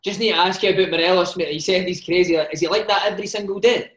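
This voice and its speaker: Quick high-voiced man asking questions. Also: fairly even intonation, a bit bright, reverberant. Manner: short prompts and brief questions. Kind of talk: casual interview.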